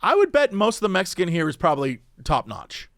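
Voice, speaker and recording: Man, podcast co-host, high animated delivery, rambling chatty, dry close mic. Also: quick pace, no echo. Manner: rambling, animated, full of restarts and fillers. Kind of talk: casual chat.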